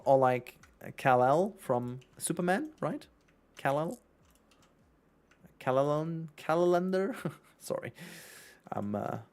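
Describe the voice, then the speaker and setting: A man with a German accent talks loosely as he streams a game, his pitch sitting in a middle register. He rambles, doubles back on his words and breaks into laughs, with the easy, chatty flow of a long livestream. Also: a little mellow. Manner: rambling, chatty, self-correcting, laughs often. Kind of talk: casual livestream gaming chat.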